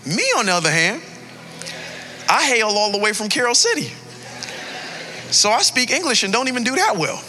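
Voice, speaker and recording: High, bright-voiced pastor preaching. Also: male voice, sing-song, moderate pace, long pauses, soft background music. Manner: emotional storytelling, builds to preaching cadence. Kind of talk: sermon with personal story.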